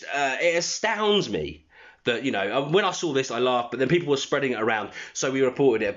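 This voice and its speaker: A man's voice: mid-range voice, fairly bright tone. A man reading out a document and mocking it in an indignant, scornful commentary. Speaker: channel host. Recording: dull lo-fi audio.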